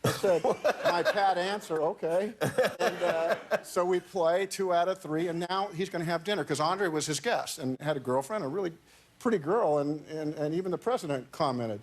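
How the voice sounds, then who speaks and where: A man appearing as a talk show guest tells a long anecdote in casual conversation, halting and frequently repeating words. His pitch is fairly high, and there is slight background noise.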